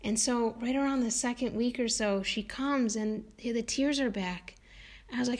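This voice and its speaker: A woman's voice: on the high side, moderate pace. A woman, a homeopath, talking casually and chattily, with many fillers and restarts, and laughing now and then. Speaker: homeopath and podcast guest. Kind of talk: casual conversational talk.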